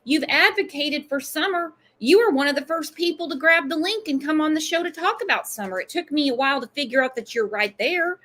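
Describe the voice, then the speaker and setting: High-voiced woman hosting true-crime talk. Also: expressive, a bit bright. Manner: emphatic, pointed, quick-talking. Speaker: host. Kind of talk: true-crime livestream commentary.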